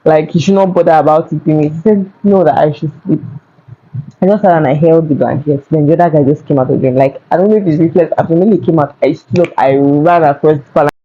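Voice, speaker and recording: A woman's voice: low-pitched, fast talker, lo-fi sound. Woman telling a dramatic story. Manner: animated retelling, repeats words for emphasis. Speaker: vlogger. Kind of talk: casual storytime. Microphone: phone.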